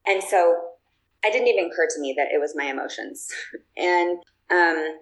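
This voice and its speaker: A woman's voice: fairly low pitch, normal speed, poor audio. A woman guest telling personal stories in a casual, chatty way, with plenty of fillers and restarts. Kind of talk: casual storytelling.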